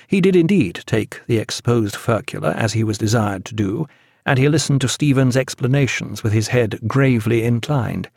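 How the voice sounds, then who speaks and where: A man narrating an audiobook in a measured, even storytelling manner, recorded on a close studio mic. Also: mid-range voice, creaky, no room sound. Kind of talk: scripted narration.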